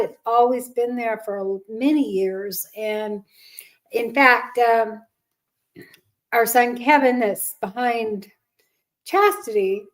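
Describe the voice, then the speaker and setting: An older woman on a podcast, her voice set a little high for a woman. She chats casually, holding back tears as she talks. Her words come through a close podcast mic. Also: rough recording. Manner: tearful, fighting back tears. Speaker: podcast host, mother. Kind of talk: emotional casual chat.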